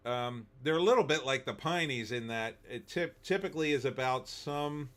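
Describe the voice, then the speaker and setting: A man's voice: medium pitch, a bit bright, smooth. A man hosting a live movie-talk stream, chatting casually and answering viewer comments in a rambling, opinionated way with lots of ums.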